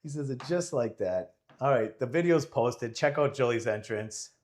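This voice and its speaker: A man's voice: medium pitch, animated, unhurried, a little mellow. A man giving casual live commentary on a pool match, rambling and joking as he thinks aloud about the shots.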